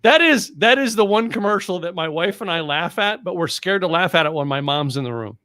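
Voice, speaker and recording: A man's voice: high-pitched, a little fast. A middle-aged man hosting a casual interview chat, telling stories and acting out quotes with laughs. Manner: animated storyteller, acts out quotes with laughs. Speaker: show host.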